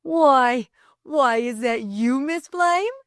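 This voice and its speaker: A woman's voice: a little high, very animated, a little slow, no echo, clean studio sound, voice pushed up. A woman voicing a fussy, earnest young male lay reader who talks in a flustered, insistent way. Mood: alarmed.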